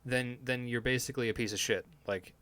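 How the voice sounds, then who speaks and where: A man's voice: mid-range voice, fairly even intonation, fairly quick, a bit bright, no echo. A man hosting his own podcast as a live stream, rambling and sardonic, swearing often and restarting his sentences. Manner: meandering, profane, full of fillers and restarts. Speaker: podcast host.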